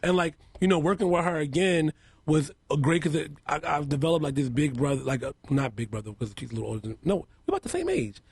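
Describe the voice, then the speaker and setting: A man with a somewhat high voice sits in a radio studio as a guest and tells stories with animated, expressive delivery. The sound is dry and close to the mic. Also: fast talker, creaky, slightly rough, dry recording. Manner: animated storyteller, acts out quotes loudly. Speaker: makeup artist and house mother, guest. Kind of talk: radio interview.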